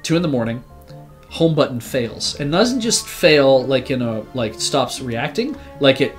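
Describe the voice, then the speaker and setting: Over soft background music, a man who is a regular on the show rambles through a long story in casual chat, unhurried and medium-pitched. He sounds sick, yet stays animated, swearing and acting out what he said at the time.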